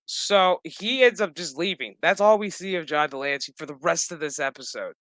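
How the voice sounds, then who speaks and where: A man's voice: sits high, moderate pace, hardly any pauses, clean tone, no echo. A man casually recapping a TV episode, swearing a lot, ranting and acting out the characters' lines. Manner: animated, swearing, acts out dialogue; exasperated rant. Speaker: show recap host.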